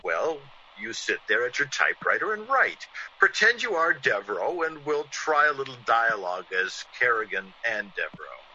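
A vengeful ex-convict with a sharp, bright voice that swings widely in pitch. He talks in a theatrical 1940s radio style. The sound is dull and lo-fi, like an old radio recording. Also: sing-song, moderate pace, slight background noise, full character voice. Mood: coaxing. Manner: theatrical, menacing in the scene within the scene. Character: Kerrigan, a man acting out a vengeful ex-convict. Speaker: radio drama actor.

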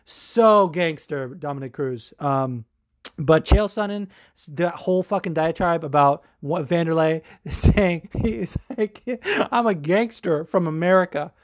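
A man's voice: fairly high pitch, dry recording, studio quality. A man hosting a podcast in casual chat, rambling with lots of fillers and swearing. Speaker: podcast host.

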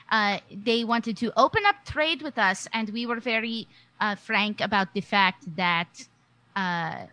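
Bright, chatty woman recapping a game. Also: mid-range voice, no room sound, rough recording. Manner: chatty, laughing, with many fillers and restarts. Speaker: player. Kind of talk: casual recap of a tabletop game.

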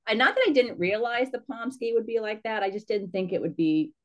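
A woman's voice: on the high side, brisk. A woman author chatting casually as a podcast guest, talking fondly and laughing easily. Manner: chatty and warm about her pets, with laughs.

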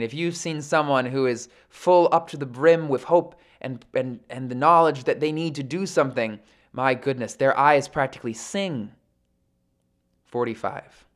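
Man reading scripture, measured and reflective. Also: mid-range voice, clean tone. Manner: measured, reflective, slows down to think; hesitant fillers in commentary. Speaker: podcast host reading scripture.

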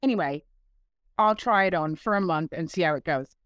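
A woman in her sixties, a guest telling stories in a casual interview, animated and laughing, acting out what others said. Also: fairly low pitch, fairly quick, clean tone, no room sound. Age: 60s. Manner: animated, laughing, acts out quoted voices.

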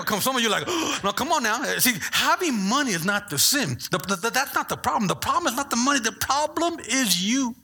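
A man's voice: high voice, creaky, breathy edge. A middle-aged male pastor preaching a sermon, acting out voices and asking the congregation questions. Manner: animated, acts out voices, asks the congregation questions.

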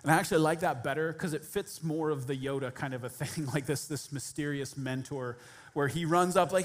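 Guy preaching a sermon, kinda high voice, animated storytelling, acts out the characters. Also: fairly quick. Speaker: pastor.

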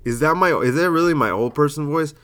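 A man's voice: fairly high pitch, a little fast, a bit bright, clean tone. A man hosting a solo comedy podcast, musing aloud in a self-deprecating way.

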